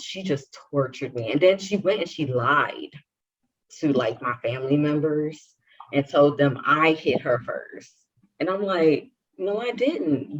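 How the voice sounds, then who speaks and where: A young adult woman whose voice sits low and sounds slightly rough co-hosts a podcast, telling a personal story in casual conversation. She acts out the dialogue with animation. The recording has a dull, lo-fi quality.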